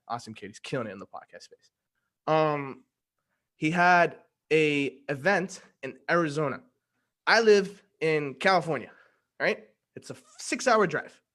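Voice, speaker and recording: A young man telling a story in casual conversation, slangy and animated, acting out what people said. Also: fairly high pitch. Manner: slangy, animated, acts out quoted dialogue. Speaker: guest giving a testimonial.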